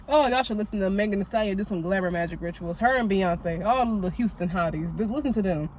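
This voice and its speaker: A woman's voice: mid-range voice, animated, brisk, a little hiss or hum. A woman in her twenties hosting a spiritual podcast, talking bluntly and sassily, with a lot of swearing and plenty of "like" fillers. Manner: blunt, profane and sassy, with lots of "like" fillers. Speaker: podcast host. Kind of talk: casual spiritual podcast monologue.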